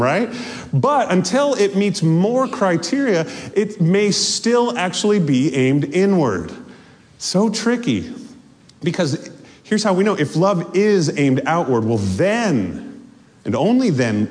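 A man preaching a sermon with an animated, joking delivery and frequent laughter. His voice is high for a man and swings widely. A long hall reverb surrounds him in the church sanctuary. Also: a little slow. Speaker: pastor.

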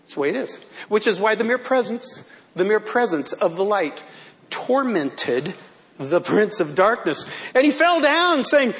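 A man's voice: high voice, sing-song, measured pace, fairly bright tone. A male pastor delivering a sermon in a church, playful and theatrical, often laughing.

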